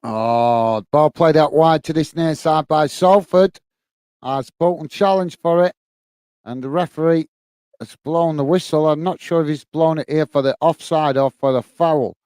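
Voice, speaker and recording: A man with a Northern Irish accent hosting a football watch-along stream, giving steady play-by-play and chatting in a friendly way as he reads viewer comments. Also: fairly high pitch, a little slow, clear, resonant tone, no room sound. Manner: friendly and chatty, often says "mate" while reading viewer comments. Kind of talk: live play-by-play commentary with chat.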